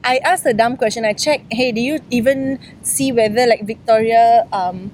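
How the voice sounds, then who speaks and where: A woman's voice: moderate pace, poor audio. A woman co-hosting a podcast outdoors, chatting playfully and telling stories with a teasing edge. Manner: playful, teasing, animated storytelling. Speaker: podcast co-host. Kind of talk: casual chat. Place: outdoors on a lawn by a city street. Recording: faint traffic rumble outdoors.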